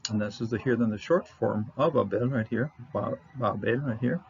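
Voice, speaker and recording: A man teaching a verse-by-verse Bible Hebrew lesson, halting with fillers and restarts, repeating words for stress. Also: lowish voice, vocal fry. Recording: dull lo-fi audio with faint noise.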